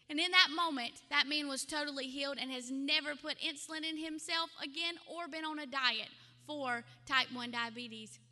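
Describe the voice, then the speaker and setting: A woman's voice: high-pitched, fairly even intonation, moderate pace, hardly any pauses, bright, forceful tone, long reverb tail. A woman pastor preaching a sermon in a church sanctuary, telling stories with emphasis and driving home repeated phrases.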